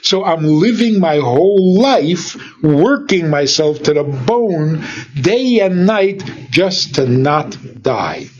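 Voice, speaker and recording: A man's voice, a rabbi teaching informally, slightly higher than most men. He talks slowly and with a lively, swooping pitch, tossing out rhetorical questions and chuckling. The sound is a bit dull and lo-fi. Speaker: rabbi and lecturer.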